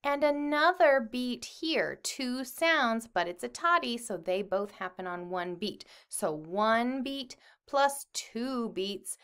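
A woman music teacher leading a children's lesson, speaking slowly and encouragingly to the kids. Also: a little high, fairly bright tone, clear, resonant tone. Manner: slow, encouraging, addresses children.

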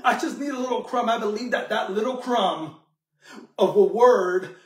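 A man's voice: high-pitched, moderate pace, recorded from a distance, lightly acted. A man voicing a desperate, humble mother who pleads insistently for her sick daughter. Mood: pleading. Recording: echoey room, mic from afar.

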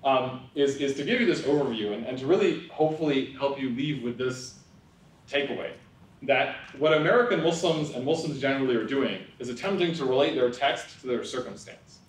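A man's voice: mid-range voice, brisk. Young male speaker from New York, lecture with jokes, conversational and wry, lots of fillers; mic picks him up from a distance in a reverberant room. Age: young adult. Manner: conversational, frequent "um" and "right?", wry asides. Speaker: public speaker. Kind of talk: lecture talk with humorous asides. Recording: echoey hall, voice from far off.

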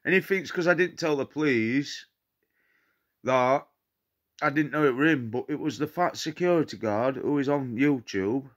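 A man's voice: mid-range voice, moderate pace. A man with a Nottinghamshire accent, a paranormal vlogger, ranting to camera in an indignant, repetitive and defiant way. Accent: Nottinghamshire English. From England. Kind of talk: angry direct-to-camera rant.

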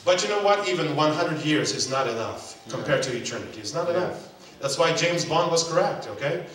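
Guy preaching, kinda high voice, big echoey hotel hall, mic sorta far. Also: a little fast. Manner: animated, shouts mock calls, asks audience. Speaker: seminar speaker. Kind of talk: sermon.

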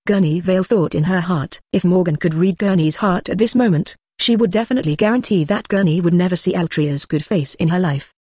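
A synthetic text-to-speech narrator reading a translated web novel aloud, in a flat, mechanical way that even speaks punctuation marks. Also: mid-range voice, dry recording, clean studio sound.

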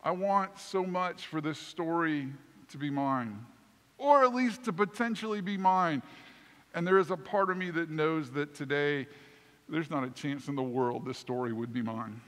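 Bright-voiced pastor in a reverberant church. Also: male voice, a little high, moderate pace. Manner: animated, self-deprecating storyteller. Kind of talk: sermon storytelling. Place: church sanctuary.

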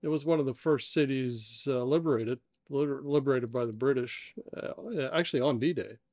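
On a casual podcast, an older American man who co-hosts as the father chats easygoingly, drifting through travel stories full of "you know" and "uh." His middle-pitched voice moves at normal speed in an indoor dining room, and the recording is dry, a little dull, with no room sound.

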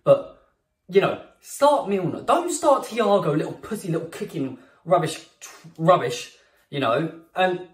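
A man hosting a football fan channel, giving his opinions in a casual, jokey, animated way. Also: sits high, a little slow. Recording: roomy echo, a bit far from the mic.

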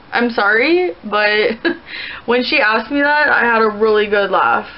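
A woman's voice: on the high side, expressive, takes it slowly, muffled recording. A young woman vlogging casually, rambling through viewer questions with lots of "like" fillers. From Canada. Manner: rambling, chatty, many "like" fillers. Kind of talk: casual chat to camera.

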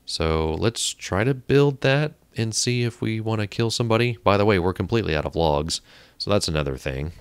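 Male let's-player at a desk mic; deep, creaky, talks to himself and sighs at game characters. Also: lively intonation, moderate pace, no echo. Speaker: gameplay commentator. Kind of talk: casual let's-play commentary. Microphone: desk mic on a stand.

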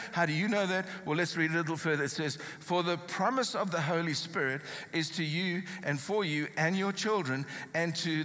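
A man's voice: on the high side, pushed and bright. A South African man preaching a sermon, reading scripture aloud with emphatic stress. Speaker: pastor. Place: church hall. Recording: reverberant church hall.

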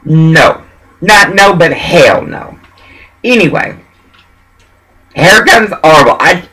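Man, husky and high-pitched, slow rambling sermon-like vlog monologue. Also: animated, bright, forceful tone, poor audio. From Texas. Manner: preachy, meandering, emphatic.

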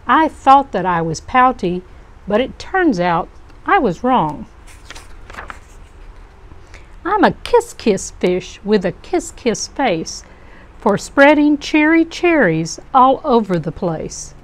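A gloomy male fish who pouts his way through sing-song rhymes, as a woman reading aloud puts him on. The lines roll out slowly and mopily, like a storybook sulk. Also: fairly high pitch, sing-song, a little hiss or hum. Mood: cheerful. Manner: mopey sing-song rhyming.

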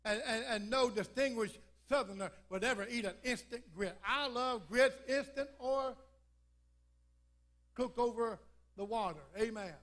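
Man preacher, very high voice, humorous sermon, storytelling with jokes. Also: a little slow. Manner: storytelling, lively, joking asides. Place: church.

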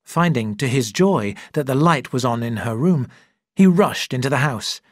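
A narrator reading a story slowly and clearly for English learners. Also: mid-range voice, expressive, no room sound, clean studio sound.

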